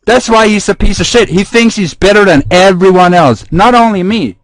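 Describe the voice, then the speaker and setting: A man's voice: high voice, moderate pace, no echo. A man in a heated live-stream argument, ranting angrily in a repetitive, cursing way from his bed in a trailer. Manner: angry, repetitive, cursing rant. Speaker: livestreamer.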